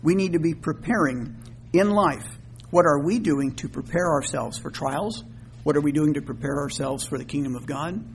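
A man preaching a sermon in an earnest way, often slowing down and rising in pitch and volume when quoting scripture. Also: vocal fry, slight background noise. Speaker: minister.

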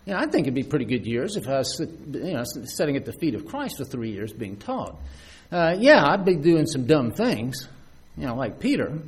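Male preacher, husky and animated, conversational sermon style with restarts. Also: medium pitch, normal speed. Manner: lively, conversational preaching with many restarts and asides.

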